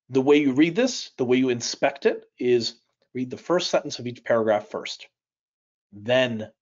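A man leads a live speed reading lesson, speeding up and slowing down as he explains. His voice sits at a middle pitch, and the audio is slightly dull. He often checks in with listeners by asking "right?". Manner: lively, varies pace and loudness, frequent "right?". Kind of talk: live online teaching session.

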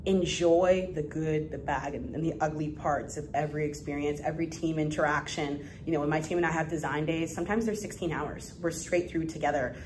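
A young adult woman speaks as an interview guest, with a voice pitched a little low for a woman. She talks in an animated, effusive way and breaks into laughter as she tells her stories. Faint noise hums behind her. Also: fast talker, hardly any pauses, low-quality recording. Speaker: guest entrepreneur. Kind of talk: casual interview chat.

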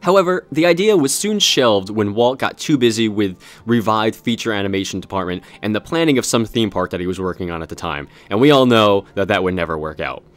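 A man's voice: fairly low pitch, a little fast, hardly any pauses. A man co-hosting a casual online show, joking and laughing as he chats and reads history notes. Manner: jokey, laughs often, animated. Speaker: co-host. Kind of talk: casual podcast chat.

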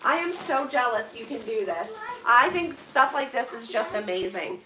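A woman's voice: a little high, sing-song, normal speed, sharp tone, a little hiss or hum. A woman vlogger opening donated boxes, chatting to her viewers and thanking them with effusive, emotional gratitude. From Pennsylvania, US. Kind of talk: casual chat to viewers. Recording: echoey room, mic at a distance.

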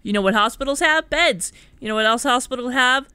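A young woman hosting a horror game let's play, animated, swearing and joking as she panics. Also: sits high, fairly quick, clean tone, no room sound.

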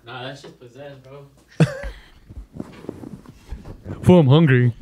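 A man's voice: medium pitch, slow pace, background noise. A man co-hosting a podcast, teasing the others in goofy, profane banter in a studio. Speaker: podcast co-host. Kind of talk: casual group chat.

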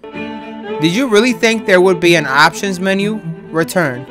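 A woman hosting a gameplay video, loud and excitable, laughing and cursing as she plays. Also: lowish voice, a little slow. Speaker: gaming video host. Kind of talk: gameplay commentary. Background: game music.

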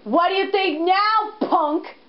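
A woman's voice: very high-pitched, takes it slowly, highs cut off, pitched above the performer's own voice. A woman reading the lines of a bratty, boastful young male koopa prince in a smug, taunting way.

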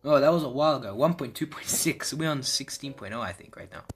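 A man giving casual, excitable reaction commentary as a video creator, repeating his exclamations and laughing often. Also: mid-range voice, fast talker. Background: faint background music.

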